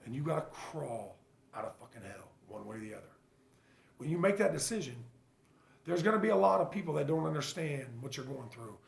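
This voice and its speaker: A man's voice: on the high side, expressive, gravelly, roomy sound. A father talking earnestly and bluntly about his struggles, swearing freely and stopping often to restart his thoughts. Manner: halting, full of fillers and restarts. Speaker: father sharing his recovery story. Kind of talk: casual personal vlog monologue.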